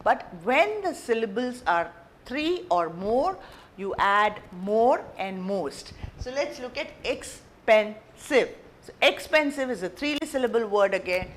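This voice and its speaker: A woman's voice: fairly high pitch, animated, takes it slowly. Chatty woman teacher explaining grammar. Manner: chatty, repeats and rephrases, many fillers. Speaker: English teacher. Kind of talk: unscripted classroom explanation.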